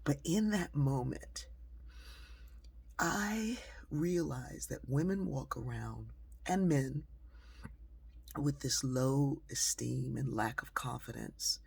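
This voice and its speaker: A woman tells a personal story in a relaxed, conversational way, pausing on fillers as she goes. Her voice is husky and gravelly, with plenty of fry. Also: extremely low pitch. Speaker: speaker telling a personal story. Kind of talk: storytelling monologue.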